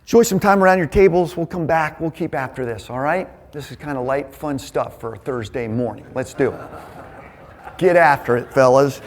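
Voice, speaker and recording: A man leading a men's Bible study, teaching in a casual, energetic, conversational way. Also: a little high. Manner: energetic, conversational, quick asides. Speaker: men's ministry leader.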